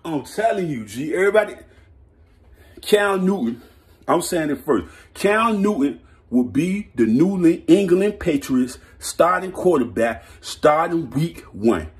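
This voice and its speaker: A man ranting as a vlogger, excitable and boastful, with lots of street slang and frequent laughter. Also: on the high side, unhurried. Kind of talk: sports hot-take rant.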